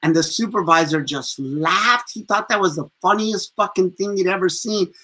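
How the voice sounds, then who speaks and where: This American man in his fifties has a voice that sits high and moves at a normal speed. A street performer on as a guest, he's animated and profane, laughing a lot as he tells stories in a casual interview.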